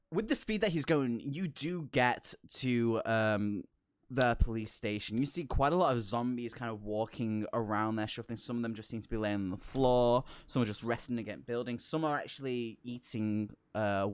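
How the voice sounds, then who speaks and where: A man's voice: mid-range voice, normal speed, clear, resonant tone, dry recording. A man narrating a tabletop horror game as game master, describing scenes with lots of filler words.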